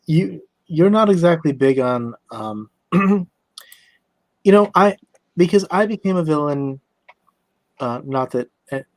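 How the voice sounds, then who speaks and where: A man hosting a casual conversation, talking in a measured, hesitant way. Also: a little high, lively intonation, no room sound. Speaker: host.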